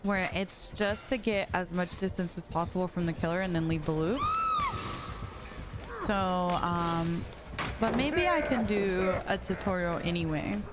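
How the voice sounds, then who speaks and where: A woman's voice: lowish voice, unhurried, over loud music. A young woman streaming a game, chatting casually and reading messages from her chat with frequent giggles.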